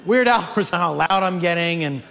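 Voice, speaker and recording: A man, a comedian, telling a comic story in an animated way. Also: sits high, moderate pace, in a large hall, slight background noise. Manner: animated, building to mock-outraged shouts.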